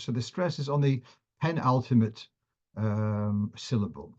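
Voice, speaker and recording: A man's voice: mid-range voice, moderate pace, a little mellow, lo-fi sound. A man teaching a class on the cantillation of Torah readings, who often restarts phrases as he explains and sometimes chants verses.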